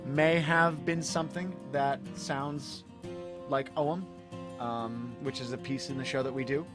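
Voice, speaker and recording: A man's voice: medium pitch, steady tone, measured pace, over music. A man hosting a casual live stream from home, rambling and chuckling as he chats with viewers. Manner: rambling, self-interrupting, chuckling asides. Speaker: livestream host and magician.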